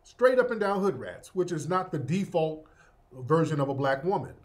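A man's voice: a little high, lively intonation, normal speed. A male host giving opinionated commentary, sardonic and emphatic, often tagging his points with "yeah?".

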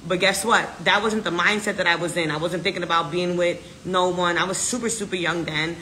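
A woman's voice: fairly low pitch, steady tone, a little fast, bright, forceful tone, roomy sound, slight background noise. An American woman ranting defiantly in a casual live video, brash and profane. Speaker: social media personality.

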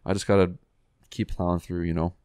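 A man's voice: low-pitched, level tone, fairly quick, warm tone, clean tone, dry recording, studio quality. A young man co-hosting a podcast in casual chat, rambling and losing his thread mid-sentence. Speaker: podcast co-host.

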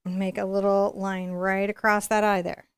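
A woman's voice: mid-range voice, little pitch movement, moderate pace, clean tone, no room sound. Chatty woman teaching painting, dry sound. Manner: chatty, encouraging, thinks aloud while working. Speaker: painting instructor. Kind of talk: live painting tutorial.

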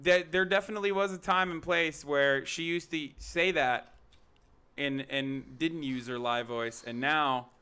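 A man's voice: fairly high pitch, a little slow, pushed and bright, clear, resonant tone. A young man hosting a casual live stream, rambling, joking and swearing often. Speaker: streamer host.

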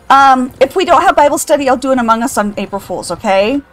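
A woman's voice: high voice, expressive, fast talker, faint music behind. An older woman streaming a game, chatting casually, reading out chat and laughing often. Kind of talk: casual live-stream chat while gaming.

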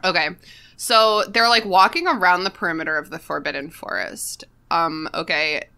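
Bright-voiced laughing woman podcaster. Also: fairly low pitch, moderate pace, gravelly. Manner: animated, laughing, swears freely. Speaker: podcast co-host. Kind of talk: casual podcast chat.

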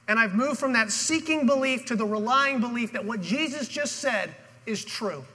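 High, bright-voiced man preaching. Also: brisk. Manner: dramatic storytelling, acting out the people in the story. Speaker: pastor. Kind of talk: sermon. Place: church auditorium. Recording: long hall reverb.

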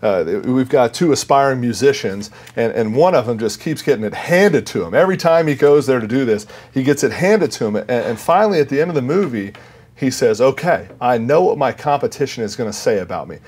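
A man speaking as a sales guest on a business talk show, emphatic and energetic when he explains his sales rules. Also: medium pitch, brisk. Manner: energetic, emphatic, self-coaching.

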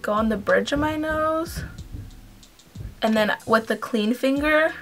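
Chatty young woman with a high voice. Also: unhurried. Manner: chatty, rambling, uses "like" and "um" often. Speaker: beauty vlogger. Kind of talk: casual makeup tutorial. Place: home.

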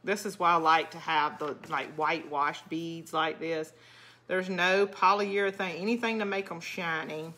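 A woman's voice: on the low side, steady tone, normal speed, sharp tone, slight background noise. A middle-aged woman with a South Georgia accent, chatting casually with viewers while she crafts and answers their comments. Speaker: craft channel host. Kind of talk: casual live craft chat.

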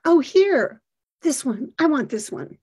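A man's voice: extremely high pitch, sing-song, slow pace, darkish tone, voice pushed up, exaggerated voice. A woman voicing her overwhelmed young son. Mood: hesitant. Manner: tense, pleading, easily overwhelmed.

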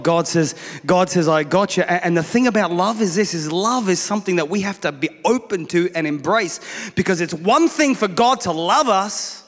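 High-voiced pastor preaching in a hall. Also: male voice, normal speed. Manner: animated, humorous, acts out voices. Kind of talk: sermon. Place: church stage. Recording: long reverb of a large hall.

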